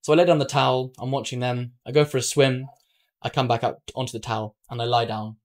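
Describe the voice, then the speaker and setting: A man's voice: medium pitch, fairly even intonation, quick pace. A young man from London, a podcast co-host, telling a travel mishap story in casual chat and acting out the dialogue. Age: young adult.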